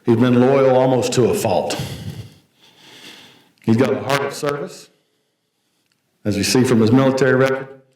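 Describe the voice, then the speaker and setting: A man's voice: medium pitch, moderate pace, long pauses, a little mellow. Country auctioneer guy telling stories up at a podium, echoey room. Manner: folksy, anecdotal, plain-spoken. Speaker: auctioneer giving an award introduction. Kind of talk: storytelling tribute speech. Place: banquet hall. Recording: echoey hall, voice from a distance.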